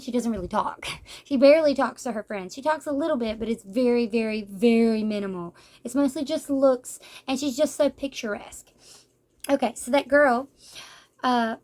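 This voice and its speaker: A woman chatting casually as she reviews a manga, animated and laughing, acting out the characters' lines. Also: high-pitched. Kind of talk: casual book review chat.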